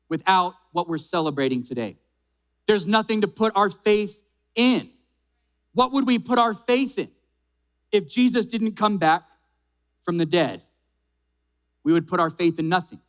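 High-voiced pastor preaching with emphasis. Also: male voice, expressive, fairly bright tone. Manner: emphatic, slows down and repeats key phrases. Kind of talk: sermon.

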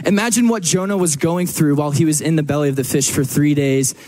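A man's voice: a little high, fast talker, a little mellow. A man from Texas, preaching a sermon to a church in a casual, joking storytelling manner. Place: church service.

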